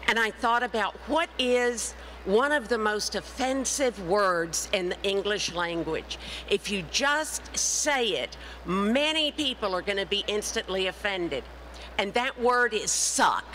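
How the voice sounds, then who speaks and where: In a conference session room, a middle-aged author gives a talk at medium pitch and an unhurried pace. She tells her story in a lively way, acting out the voices of people she quotes. The audio is poor, with slight background noise.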